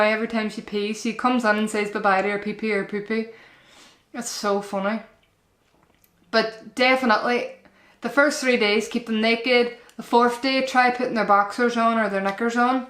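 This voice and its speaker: A young mum gives earnest, chatty parenting advice to camera in a casual vlog style, often calling viewers "guys" and repeating herself. Her mid-range voice has a fairly bright tone. It's captured on a camera-mounted shotgun mic in an echoey room.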